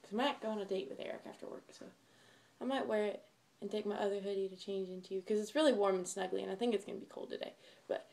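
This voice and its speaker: A woman's voice: mid-range voice, fast talker, warm tone. Bubbly, gushing young woman vlogger. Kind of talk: casual chat to camera.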